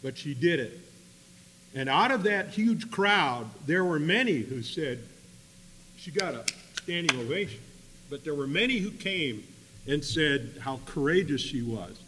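Male preacher, bright and slightly high voice, long hall reverb, loud bursts and hushed asides. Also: expressive, unhurried, a little hiss or hum. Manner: swings between loud emphatic bursts and quiet asides. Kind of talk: sermon storytelling.

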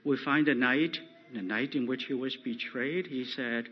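A man preaching a sermon, slow and emphatic, rising loud when he quotes scripture. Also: medium pitch, lo-fi sound, a little hiss or hum.

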